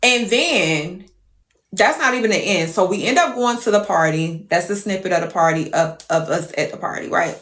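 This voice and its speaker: A woman telling a story to viewers on a live stream, animated and profane. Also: on the low side, moderate pace, echoey room, a little hiss or hum.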